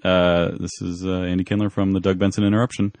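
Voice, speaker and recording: A man hosting a podcast in easygoing casual chat, quick to laugh. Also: sits low, level tone, a little mellow, no room sound. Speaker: podcast host.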